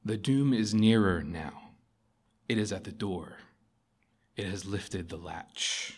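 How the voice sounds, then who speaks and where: Man voicing a grave, quiet lion figure from a storybook reading. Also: mid-range voice, takes it slowly, close to an everyday voice. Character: solemn, commanding lion, wise and stern.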